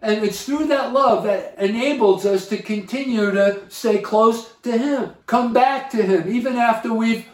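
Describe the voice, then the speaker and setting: Slow, high-voiced preaching man. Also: roomy sound. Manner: slow, deliberate preaching with emphatic pauses. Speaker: pastor. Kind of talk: sermon.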